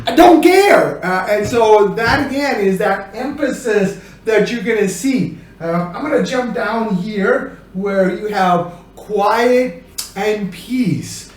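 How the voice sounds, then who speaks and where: Middle-aged male teacher, casual and animated, loud bursts for examples; recorded at a distance in an echoey room. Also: high voice, slow pace. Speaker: sign language teacher.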